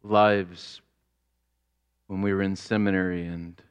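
A man preaching a sermon as pastor, deliberate, building to fervent exclamations. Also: deep voice, flat delivery, clean tone.

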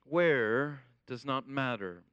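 A man preaching a sermon as pastor, in a measured way and quoting scripture. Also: mid-range voice, animated, a bit bright, smooth, no echo, dull audio.

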